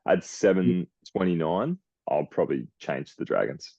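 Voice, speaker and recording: Deep-voiced Australian man, casual co-host. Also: normal speed, vocal fry, no room sound, lo-fi sound. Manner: short agreeing interjections, relaxed. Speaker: podcast co-host. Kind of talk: casual sports chat.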